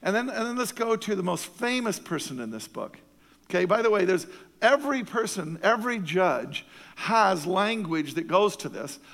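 High, gravelly-voiced pastor in a hall. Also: male voice, fairly bright tone. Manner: earnest, emphatic, repeats phrases for stress. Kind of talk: sermon.

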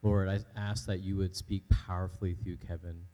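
A man leading a spoken prayer in church, halting and full of ums and uhs. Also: deep voice, little pitch movement, warm tone. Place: church sanctuary.

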